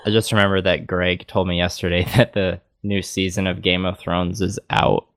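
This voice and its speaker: Very low-voiced man, casual podcast co-host. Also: moderate pace, no room sound, clean studio sound. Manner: relaxed, rambling, laughs often. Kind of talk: casual chat.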